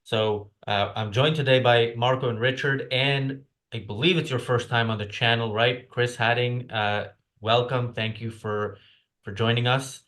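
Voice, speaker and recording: A man's voice: medium pitch, steady tone, measured pace, a bit bright. A man hosting an online talk show, speaking hesitantly with many fillers and restarts. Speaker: host. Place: lives in the UK.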